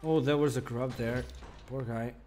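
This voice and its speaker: A man's voice: medium pitch, steady tone, normal speed, darkish tone, a little hiss or hum. A young man giving casual commentary while playing a game, grumbling, swearing and mocking himself. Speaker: gaming channel host.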